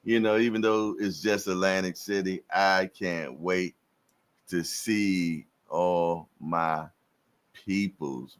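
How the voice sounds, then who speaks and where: A man's voice: sits low, fairly bright tone. A man in his fifties hosting a live stream, chatting casually with viewers in laid-back slang and laughing often. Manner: laughs often between lines.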